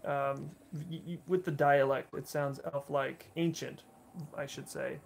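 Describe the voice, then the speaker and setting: A man running a tabletop game as dungeon master, describing scenes with many pauses and fillers. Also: medium pitch, steady tone, gravelly, slight background noise. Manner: halting, filler-heavy descriptive narration. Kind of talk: narrating a tabletop game livestream.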